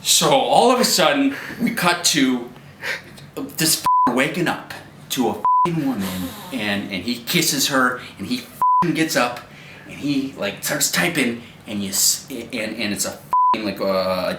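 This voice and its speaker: Profane male movie reviewer, rambling and animated, recorded in a noisy, echoey house. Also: medium pitch, measured pace. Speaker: movie reviewer, show host. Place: a friend's house at night. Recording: roomy home recording with noise.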